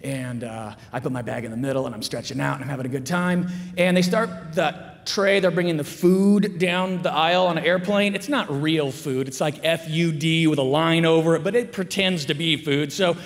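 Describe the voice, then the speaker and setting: A middle-aged man giving a storytelling talk in a school chapel, acting out the dialogue in lively character voices. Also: fairly high pitch, moderate pace. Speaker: chapel speaker. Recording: echoey hall with long reverb.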